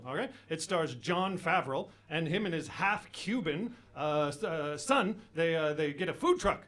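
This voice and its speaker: A middle-aged man from Canada doing a rambling, self-mocking stand-up set on a club stage, now and then bursting into shouted impressions. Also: fairly high pitch. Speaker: stand-up comedian. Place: comedy club stage with a live audience.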